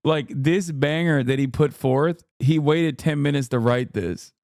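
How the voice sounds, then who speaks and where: A man's voice: on the high side, measured pace, a little mellow, dry recording, studio quality. A man streaming live, reading viewer chat aloud with amused sarcasm and breaking into mock voices. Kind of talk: casual live-stream reaction.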